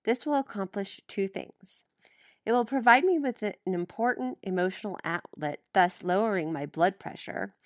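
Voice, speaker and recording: A woman's voice: mid-range voice, moderate pace, dry recording, studio quality. A woman reading a first-person novel aloud as an audiobook, giving the dialogue light voicing. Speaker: audiobook reader.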